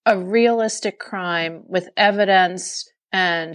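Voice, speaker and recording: Measured woman suspense author. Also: fairly low pitch. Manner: thoughtful, measured, with fillers. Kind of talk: interview answer.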